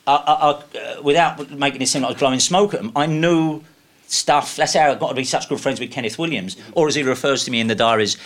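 A man in his sixties, a guest telling casual anecdotes in an animated way and laughing through his stories. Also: mid-range voice, a little hiss or hum.

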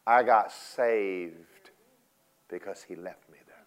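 An older man preaching a sermon, rising loud and high on key points, then dropping low and quiet to tell stories. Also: slow pace.

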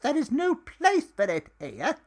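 A woman's voice: high-pitched, wildly swooping pitch, a little slow, full character voice. A woman voicing a blunt middle-aged hotel boss with a brusque manner. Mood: bossy. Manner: brusque, mild British curses.

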